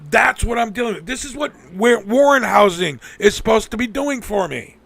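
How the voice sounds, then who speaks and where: A man's voice: high-pitched, lively intonation, normal speed, creaky, fairly bright tone. A man hosting a live stream, venting angrily and profanely, mocking the people he quotes. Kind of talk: ranting casual talk.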